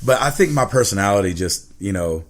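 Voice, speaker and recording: Earnest, lower-voiced man reflecting. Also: expressive, fairly quick. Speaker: interview guest. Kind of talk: casual interview.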